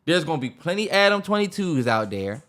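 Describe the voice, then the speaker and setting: Animated man co-hosting a casual podcast. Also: brisk. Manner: animated storyteller, voice jumps high when acting out stories. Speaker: podcast co-host. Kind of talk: casual chat.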